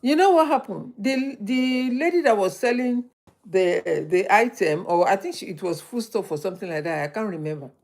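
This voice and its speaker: A woman's voice: medium pitch, animated, moderate pace, darkish tone. Woman hosting a motivational live stream. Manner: storytelling, repeats points for emphasis.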